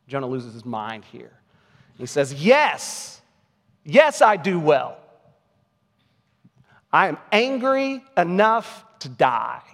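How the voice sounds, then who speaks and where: A pastor delivers a sermon in an earnest, emphatic way, leaning on rhetorical questions. His voice sits a little higher than most men's. Long reverb rings out behind him, as in a large hall.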